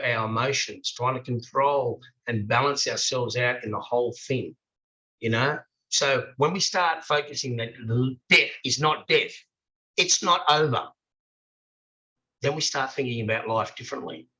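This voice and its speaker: Older man, bright emphatic speaker. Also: mid-range voice, poor audio. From Australia. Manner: emphatic, preachy, rhetorical questions. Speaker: author guest. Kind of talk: passionate interview talk.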